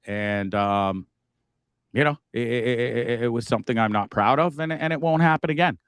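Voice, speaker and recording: A man's voice: mid-range voice, normal speed, a bit bright, clear, resonant tone, no echo. A man from Canada hosting a live stream, rambling and remorseful, swearing freely and stammering through restarts. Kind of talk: casual live-stream monologue. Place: inside a bus.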